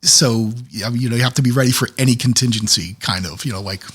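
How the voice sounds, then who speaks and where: A man's voice: medium pitch, fast talker, slightly rough. A middle-aged man with a Pittsburgh accent who works as a professional Santa, telling stories in a casual chat and acting out the voices. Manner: animated storyteller, acts out quoted voices. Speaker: professional Santa Claus, guest.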